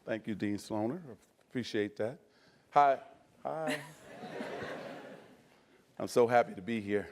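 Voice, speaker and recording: Chatty low-voiced man on stage. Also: slow pace, long pauses, noisy background. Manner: chatty, laughs often, many "you know" and "uh" fillers. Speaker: guest speaker. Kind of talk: on-stage interview answers. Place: stage before a live audience.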